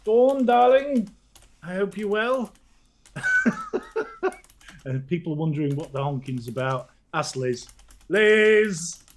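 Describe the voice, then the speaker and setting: A man co-hosting a casual live stream, playfully greeting chat viewers by name with bursts of loud laughter. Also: on the high side, slow, pauses often, a little hiss or hum.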